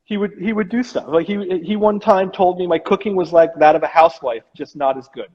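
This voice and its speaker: A man's voice: sits high, fairly quick, slight background noise. A man who is a chef hosting a casual live-stream interview, talking conversationally and often ending his thoughts with "right?". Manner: conversational, frequent "right?" tag. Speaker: chef and host. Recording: dull, echoey remote live-stream audio.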